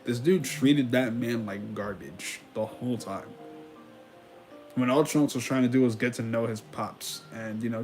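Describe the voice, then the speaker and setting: A man giving casual commentary on an anime, retelling scenes in slangy paraphrased quotes. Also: mid-range voice. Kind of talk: casual commentary with recapped dialogue.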